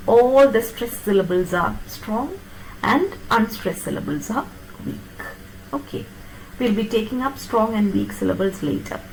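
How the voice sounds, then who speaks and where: A woman lecturing on phonetics, explaining step by step and checking that her students follow with quick tag questions. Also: mid-range voice, darkish tone, slight background noise, rough recording. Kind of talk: classroom lecture on pronunciation.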